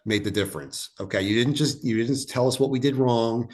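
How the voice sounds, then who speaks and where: A man's voice: mid-range voice, brisk, darkish tone. A man in his forties, a podcast guest and former player, talking in an easygoing, reflective way. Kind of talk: casual podcast chat.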